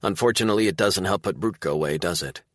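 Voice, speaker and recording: Guy playing a tough lady cop, firm and brisk, audiobook. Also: deep voice, fairly bright tone, dry recording, studio quality, pitched above the performer's own voice. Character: tough, no-nonsense woman police detective.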